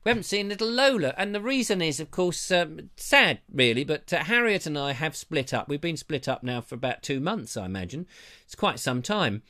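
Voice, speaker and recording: Chatty self-mocking man, fairly high voice. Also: big pitch swings, moderate pace, sharp tone. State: slightly dry throat. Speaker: show host. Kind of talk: rambling live-show monologue. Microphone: lapel mic.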